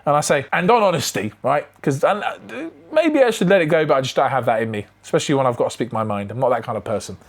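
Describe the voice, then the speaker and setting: A man with a Gibraltarian accent telling a story to camera in a frank, opinionated way, with lively shifts in his voice as he talks it through. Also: quick pace. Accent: Gibraltarian English. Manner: animated, acts out both sides of the chat with shifting pitch; frank and opinionated, asides to the viewer. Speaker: trading card collector and vendor. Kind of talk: storytelling vlog retelling a chat exchange.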